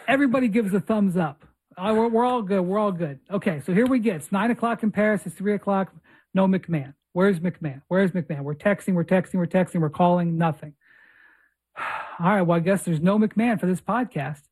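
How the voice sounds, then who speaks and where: A man's voice: high voice, normal speed, darkish tone, husky. A man hosting a basketball podcast remotely, telling a long rambling story in casual chat. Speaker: podcast host. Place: remote location abroad.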